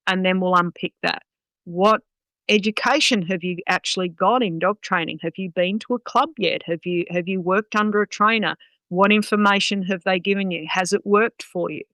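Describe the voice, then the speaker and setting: A woman's voice: medium pitch, bright, forceful tone, no echo, low-quality recording. A woman, a guest dog trainer talking bluntly and swearing freely in a casual podcast chat. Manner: blunt, sweary, talks with many "um"s.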